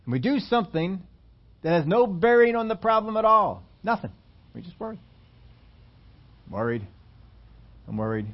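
A man with a somewhat high voice preaches a sermon, swinging between raised emphasis and hushed asides as he reads scripture aloud. The recording is dull and lo-fi. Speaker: pastor.

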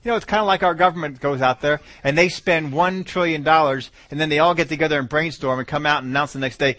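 A man's voice: on the high side, fast, few pauses, pushed and bright, no echo. A male preacher giving a sermon, driving points home by repeating key words and numbers.

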